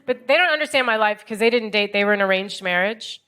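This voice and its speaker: An American woman in her thirties performing stand-up comedy in a club, wry and deadpan, acting out other people's lines. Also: mid-range voice, quick pace, smooth. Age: 30s.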